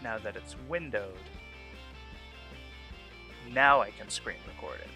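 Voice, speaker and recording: Easygoing male streamer, mid pitch, animated, short replies over game music. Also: takes it slowly. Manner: laid-back, brief replies. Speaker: streamer playing games. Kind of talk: casual chat.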